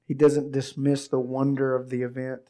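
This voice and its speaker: A male pastor preaches and reads scripture aloud at normal speed in a medium-pitched voice left hoarse by a recent illness. At points he rises to excited emphasis.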